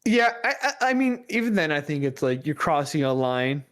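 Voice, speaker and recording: Young dude, slightly high voice, roasting his friend on a podcast. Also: very animated, moderate pace, fairly bright tone. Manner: teasing, playful banter. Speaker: podcast co-host. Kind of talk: casual chat.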